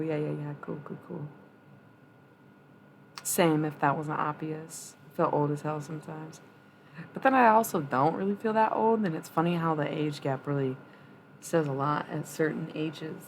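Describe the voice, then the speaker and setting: Woman streamer, low voice, casual tough-love chat, blunt and profane, faint background hum. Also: vocal fry. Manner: chatty, laughs often. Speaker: livestreamer.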